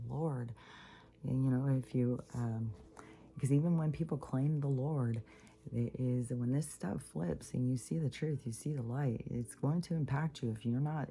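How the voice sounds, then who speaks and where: A woman rants in a rambling, casual monologue, swearing freely and restarting her sentences. Her voice is gravelly and very mellow. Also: very deep voice. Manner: profane, rambling, many fillers and restarts. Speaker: spiritual vlogger.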